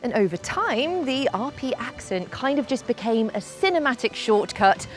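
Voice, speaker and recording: A woman's voice: fairly high pitch, very animated, normal speed, soft background music. A woman presenting a scripted explainer in a playful, teasing way.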